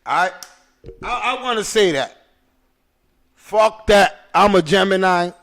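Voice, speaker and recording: A man hosting a podcast in a loose, rambling way. He talks emphatically and swears freely. His voice is high with a gravelly edge. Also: expressive, slow, fairly bright tone. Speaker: podcast host. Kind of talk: casual chat.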